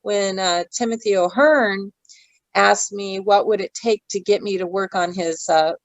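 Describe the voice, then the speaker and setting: An actress being interviewed chats casually with a medium-pitched voice at a measured pace, wandering off topic and losing her thread. The recording is dry and the audio quality is poor.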